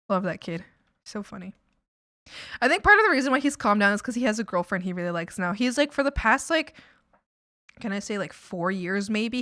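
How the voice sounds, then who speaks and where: A woman in her twenties chats casually on stream, telling rambling family stories full of fillers and frequent laughs. Her mid-range voice is a bit bright, recorded in studio quality with no room sound.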